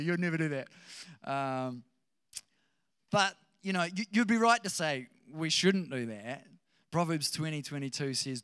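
A man preaching a sermon in a conversational, animated way, with chuckling asides to his listeners. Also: on the high side, moderate pace, clean tone, dry recording, clean studio sound.

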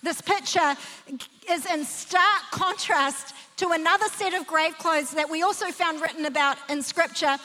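Bright-voiced woman preaching in a reverberant hall. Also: measured pace, faint music behind. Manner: emphatic, vivid storytelling with sweeping pitch. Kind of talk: sermon. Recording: long reverb of a large hall.

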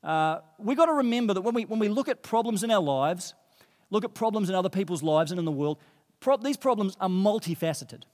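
Preacher guy with a high voice, earnest and emphatic, lots of reverb like a big hall. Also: expressive, fairly quick, darkish tone. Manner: earnest, emphatic lists and repetition. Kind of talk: sermon.

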